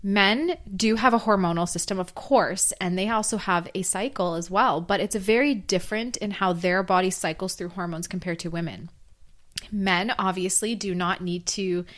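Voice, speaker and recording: A woman hosting a solo health podcast, earnest and explanatory, hoarse from losing her voice. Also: lowish voice, fairly bright tone. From North America. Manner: earnest, explanatory, with fillers and restarts. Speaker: podcast host.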